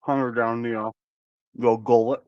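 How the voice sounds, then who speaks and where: Speaking unhurriedly in a flat, slightly mellow way, a man chats casually with viewers on his cannabis livestream, rambling, repeating himself, and cursing without hesitation. His medium-pitched voice sounds clear and resonant. There's no echo, though the audio is dull.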